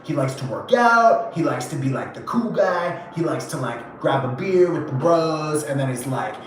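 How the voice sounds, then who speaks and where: Chatty, animated tarot-reading man. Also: on the high side, normal speed, very echoey, soft background music. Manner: chatty, animated, full of fillers and swearing. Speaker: tarot reader. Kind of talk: casual pick-a-pile tarot reading.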